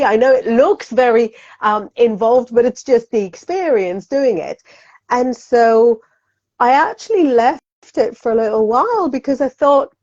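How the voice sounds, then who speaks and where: A woman's voice: fairly high pitch, a little mellow, dull audio. A woman, a psychic guest, talking animatedly in an interview, laughing often and acting out inner voices in quotes. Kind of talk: conversational interview.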